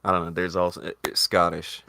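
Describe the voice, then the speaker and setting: Low gravelly guy hosting a chat show, animated, swears a lot, dry close sound. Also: fast talker, no room sound. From Indiana. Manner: animated, swearing, jumps up in pitch when arguing. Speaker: podcast host. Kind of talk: casual chat.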